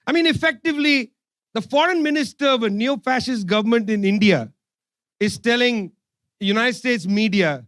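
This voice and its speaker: Brief: male speaker, high voice, fiery sarcastic rally speech, dry close sound. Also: animated, normal speed, fairly bright tone, no room sound. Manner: sarcastic, repeats phrases for emphasis. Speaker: speaker at a political forum. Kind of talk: impassioned public speech. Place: forum event hall.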